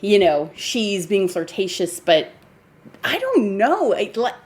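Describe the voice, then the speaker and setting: A woman's voice: mid-range voice, slow. Laughing woman podcast co-host. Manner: animated, laughing, acts out quotes. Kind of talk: casual film discussion.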